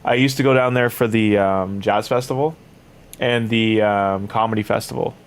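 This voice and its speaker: A man's voice: lowish voice, steady tone, normal speed. A Canadian man with a Canadian accent, casually chatting while playing a game, sleepy and rambling with lots of restarts. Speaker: game streamer. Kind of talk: casual gaming commentary.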